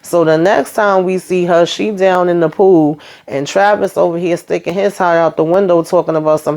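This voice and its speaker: A woman's voice: lowish voice, steady tone, fairly quick, few pauses, darkish tone. Chatty woman recapping a show. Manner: chatty, retells scenes with quoted dialogue and asides. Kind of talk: casual TV recap commentary.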